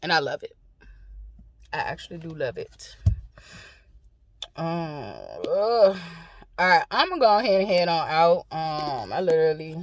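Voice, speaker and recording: A woman's voice: deep voice, animated, unhurried, pauses often, a little hiss or hum. A woman venting bluntly and profanely to her phone camera from a parked car, laughing often between lines. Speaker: vlogger. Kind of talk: casual rant to camera.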